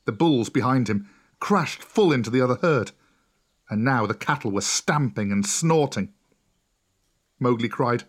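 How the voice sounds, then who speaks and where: A man narrating a children's storybook in a steady, clear voice. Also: mid-range voice, measured pace, pauses often. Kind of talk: storybook reading.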